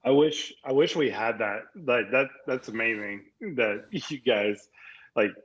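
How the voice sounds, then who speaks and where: A man's voice: medium pitch, measured pace, a bit bright, husky. American man on a dull remote line. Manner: rambling storyteller, lots of fillers and self-corrections. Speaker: guest, agency founder. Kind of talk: casual interview chat.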